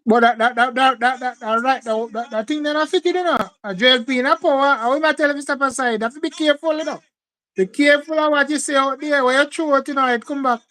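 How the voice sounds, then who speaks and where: A woman with a Jamaican accent, co-hosting and reacting to a speech in lively, opinionated casual chat. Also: high voice, quick pace, rough recording. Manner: lively, opinionated, repeats words.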